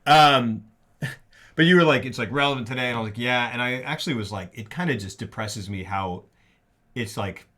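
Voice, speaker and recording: A man's voice: medium pitch, normal speed, fairly bright tone. A man co-hosting a live film discussion stream, chatting casually in a jokey, rambling way with frequent restarts. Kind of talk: casual chat.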